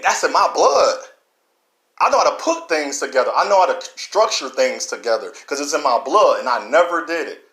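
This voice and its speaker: A man giving an impassioned, preachy monologue to camera, repeating himself and swinging between loud and low. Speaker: vlogger. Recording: roomy echo.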